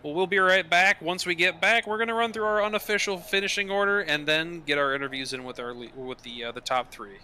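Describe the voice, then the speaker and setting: A man giving steady, analytical co-commentary on an online truck race. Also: high voice, a little fast, hardly any pauses, slight background noise. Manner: steady, analytical calling of positions and points. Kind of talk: sim racing color commentary.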